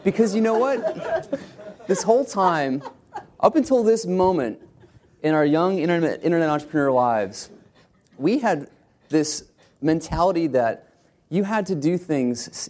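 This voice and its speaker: A man telling the founding story of his startup to an audience, animated and acting out the people he quotes. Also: a little high. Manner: animated, acts out quotes in put-on voices.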